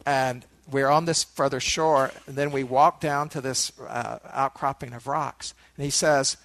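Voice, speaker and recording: A man giving a meditation dharma talk, a relaxed storyteller who adds asides to his listeners. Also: mid-range voice, measured pace. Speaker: meditation teacher.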